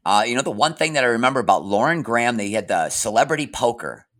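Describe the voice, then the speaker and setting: A man hosting a podcast and chatting casually with a guest, relaxed and full of stories. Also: mid-range voice, quick pace. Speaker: podcast host and actor. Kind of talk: casual interview chat.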